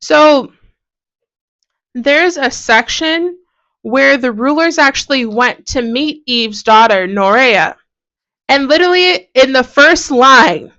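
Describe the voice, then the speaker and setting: A woman hosting a video, giving casual, animated commentary on ancient texts with a sarcastic edge and frequent laughs. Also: high-pitched, muffled recording. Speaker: video host.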